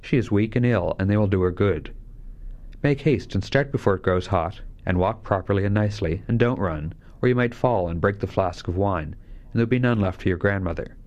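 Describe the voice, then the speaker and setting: A man's voice: on the low side, a little fast, a little mellow, muffled recording, close to an everyday voice. A man voicing a fussing fairy-tale mother. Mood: instructing. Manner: instructing, admonishing.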